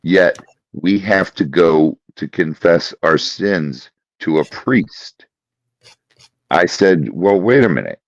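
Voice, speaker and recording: A man co-hosting a podcast, telling a story in a slow, deliberate way. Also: sits low, animated, no room sound. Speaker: podcast co-host. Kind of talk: casual chat. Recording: dry, dull lo-fi sound.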